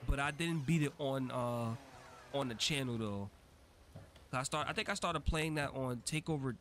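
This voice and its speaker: A man hosting a gaming channel, giving casual, excitable let's-play commentary and swearing freely. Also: mid-range voice, moderate pace, a little hiss or hum. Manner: chatty and excitable, swears freely, talks a lot when nervous.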